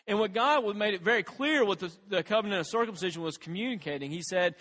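A man's voice: sits high, expressive, quick pace, few pauses, fairly bright tone, in a large hall. A man preaching a conversational sermon as a pastor, with fillers and restarts and rising intensity on quoted scripture.

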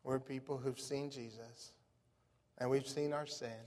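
A man, a pastor preaching a sermon in a folksy, animated storytelling way. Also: mid-range voice, measured pace. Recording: long reverb of a large hall.

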